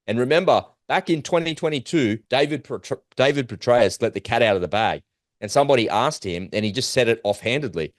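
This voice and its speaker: A man giving an urgent, animated commentary monologue, firing off rhetorical questions as host of his own show. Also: medium pitch, fairly quick, dry recording, clean studio sound. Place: at home in Australia.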